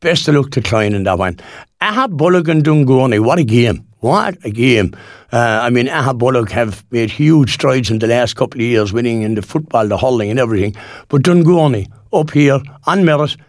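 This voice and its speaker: A man's voice: medium pitch, lively intonation, brisk, no echo, studio quality. A Cork Irish man in his sixties presenting local radio in a rambling, folksy chat full of fillers and restarts. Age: 60s.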